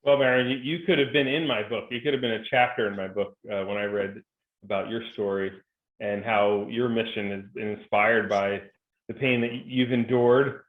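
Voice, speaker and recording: A man's voice: fairly low pitch, steady tone, moderate pace. Man on a tinny, roomy video call. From New Jersey. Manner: joking storyteller, upbeat and chatty. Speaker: guest speaker. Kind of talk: conversational interview.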